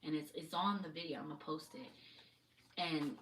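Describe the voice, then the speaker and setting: On her livestream, a spiritual reader talks at a normal speed in a deep voice, wandering from topic to topic and cursing offhandedly. The audio comes from a mic set some distance away, with a faint hiss underneath.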